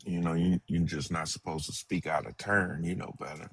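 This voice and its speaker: A man's voice: low-pitched, steady tone, moderate pace, husky. A man chatting casually as a guest on a live stream, laid-back and chuckling. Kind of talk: casual chat.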